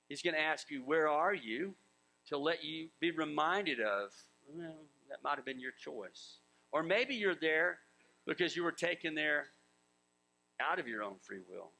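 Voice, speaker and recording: Bright, gravelly-voiced man preaching. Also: fairly high pitch, rough recording. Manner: conversational, acts out biblical voices, chuckles often. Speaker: pastor. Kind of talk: sermon.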